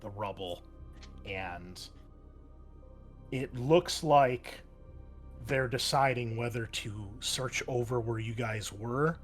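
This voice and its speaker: A man narrating a tabletop role-playing game as game master, pausing often with fillers and restarts. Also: fairly low pitch, faint music behind. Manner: halting, many fillers and restarts.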